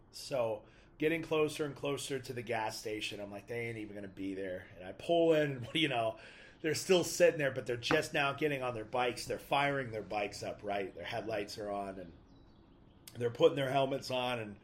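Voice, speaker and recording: A man casually telling a personal testimony story, acting out his own inner dialogue with casual slang and pausing when moved. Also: mid-range voice.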